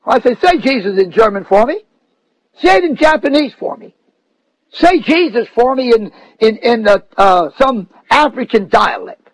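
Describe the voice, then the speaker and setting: High-voiced man preaching emphatically. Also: lively intonation, normal speed, no echo, rough recording. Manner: emphatic, mocking quotes, rising to shouts. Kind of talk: sermon.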